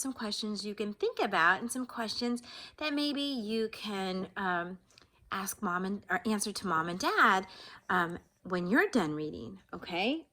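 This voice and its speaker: A woman's voice: on the high side, pushed and bright. A woman teacher reading a story aloud to young children, encouraging them and asking many questions.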